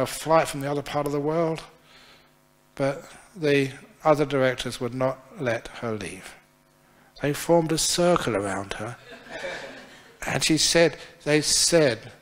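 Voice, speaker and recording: A man who is a Buddhist monk, telling a story during a dharma talk at a temple. He is chatty and playful and laughs often. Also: mid-range voice. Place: temple hall.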